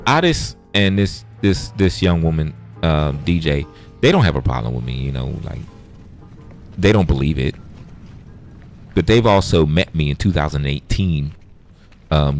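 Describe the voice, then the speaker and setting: A man hosting a casual livestream, bluntly retelling an argument with profanity and quoted back-and-forth. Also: very deep voice. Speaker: livestream host.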